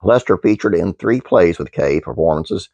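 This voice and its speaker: Deep, gravelly man reading trivia. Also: animated, normal speed, a little mellow, no echo, lo-fi sound. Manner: reads aloud with fillers and restarts. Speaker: channel host. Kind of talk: reading a trivia script, then casual chat.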